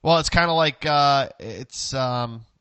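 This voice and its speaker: A man's voice: medium pitch, takes it slowly, bright, forceful tone, clean tone, no echo. A man co-hosting a casual soccer talk show, reading viewer comments aloud in a loose, chatty way. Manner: loose, chatty, says "dude" and "listen". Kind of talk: casual chat.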